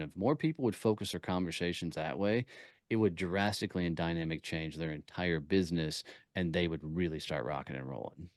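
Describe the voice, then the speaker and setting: A man talking as a podcast guest, telling energetic stories with punchy emphasis. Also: low-pitched, fairly quick, no echo, studio quality. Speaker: podcast guest, networking speaker. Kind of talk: casual interview talk.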